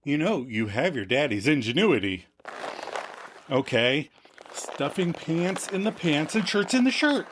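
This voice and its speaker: A man's voice: a little high, very animated, measured pace, noisy background, voice pushed up. A man playing a flustered divorced father fussing over a dummy of his son in a comedy sketch. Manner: flustered, eager to please.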